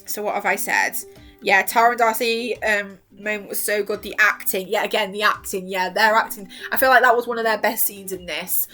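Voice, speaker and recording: Excitable young woman vlogging, bright and gushy, goes soft for quotes then squeals, faint music under. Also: mid-range voice, brisk. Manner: gushing and emotional, quotes characters in a softer voice, breaks into squeals. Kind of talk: excited fan rambling about a TV series.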